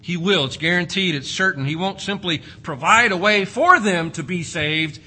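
A man preaching a sermon, slowing and swelling for emphasis and telling folksy family stories. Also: high-pitched, sharp tone. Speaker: pastor.

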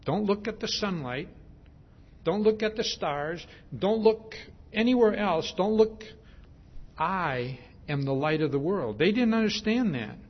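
A man's voice: high voice, lively intonation, unhurried, breathy edge. A male preacher giving a sermon, emphatic and repetitive, stressing his points with a repeated "see?". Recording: dull lo-fi sermon recording.

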